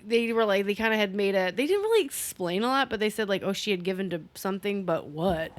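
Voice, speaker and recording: A woman's voice: medium pitch, animated, fast talker. Casting: woman co-host, casual profane movie recap, acts out lines. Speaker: podcast co-host.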